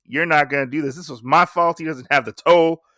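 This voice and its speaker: A man's voice: fairly high pitch, fairly quick, sharp tone, no room sound, studio quality, voice pushed up. A man voicing a determined male samurai rabbit from a comic, speaking firmly. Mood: resolute.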